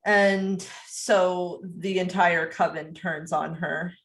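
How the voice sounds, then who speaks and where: A woman co-hosting a podcast, chatting casually and recapping a film in a hesitant, unhurried way. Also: on the low side, steady tone. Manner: unhurried, hesitant, with fillers and little laughs. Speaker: podcast co-host. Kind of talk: casual movie recap chat.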